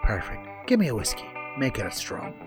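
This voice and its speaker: A man voicing a brash, hot-tempered male gunslinger who talks gruffly and bluntly, with sarcasm. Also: medium pitch, wildly swooping pitch, brisk, faint music behind. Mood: gruff sarcastic.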